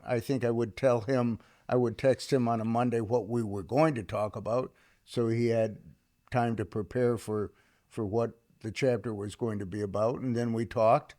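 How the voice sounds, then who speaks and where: Measured middle-pitched sportswriter man. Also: darkish tone. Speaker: podcast guest, sportswriter and author. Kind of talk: casual interview storytelling.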